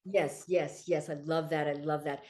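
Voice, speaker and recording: A middle-aged woman, a podcast guest and coach, talking in an enthusiastic, gently explanatory way and laughing easily. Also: sits low, fairly even intonation, normal speed. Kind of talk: casual interview chat.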